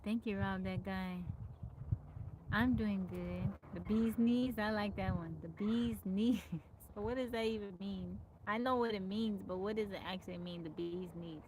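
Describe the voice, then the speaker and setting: A woman hosts a relaxed livestream, mulling over old country sayings and welcoming viewers one by one. Her voice sits at an ordinary middle pitch, with a faint hiss of noise behind it. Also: a little slow. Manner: reads out folksy sayings and greets viewers by name. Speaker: livestream host. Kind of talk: casual livestream chat.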